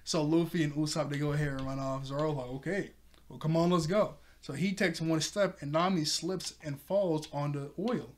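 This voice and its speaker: Man, casual anime recap, rambling, chuckles a lot, slightly high voice. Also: steady tone, normal speed, few pauses. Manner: rambling, laughs often, fillers like "obviously". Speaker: anime review host.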